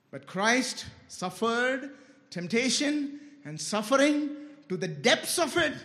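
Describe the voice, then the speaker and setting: A man preaching a sermon with great passion, swinging between loud, high exclamations and low, quiet asides, often telling listeners to listen carefully.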